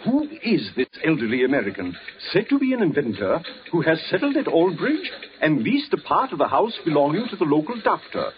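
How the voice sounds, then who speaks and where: Brief: a sensational news reader, high and wildly swooping, lo-fi radio. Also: male voice, wildly swooping pitch, a little fast. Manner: dramatic, sensational. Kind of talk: 1940s radio acting. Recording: lo-fi old radio recording.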